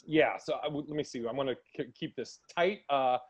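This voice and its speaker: Animated man telling stories on a podcast. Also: mid-range voice, brisk, breathy edge. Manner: animated storytelling, acts out quotes. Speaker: podcast host. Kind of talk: casual podcast chat.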